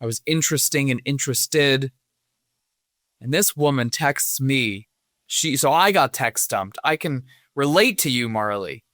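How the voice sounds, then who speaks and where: A young man chatting as a podcast guest, teasing and upbeat, telling stories with quick jokes. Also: medium pitch, animated, a bit bright, no room sound, clean studio sound. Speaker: guest attorney. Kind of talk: casual chat.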